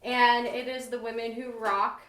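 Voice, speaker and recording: An upbeat woman with a fairly high voice speaks in casual podcast chat. She sounds encouraging and playful. The room adds a clear echo to her voice. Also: level tone, a little slow, a bit bright. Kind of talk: casual conversation. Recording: roomy echo.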